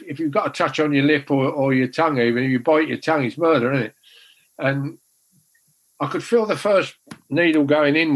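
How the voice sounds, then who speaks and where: A man in his later years, recalling his goalkeeping days in a fairly high voice. He wanders through each story with ums and false starts, often laughing at himself. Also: low-quality recording. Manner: rambling, self-deprecating, many ums and restarts. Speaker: former goalkeeper, guest. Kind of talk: casual anecdote telling.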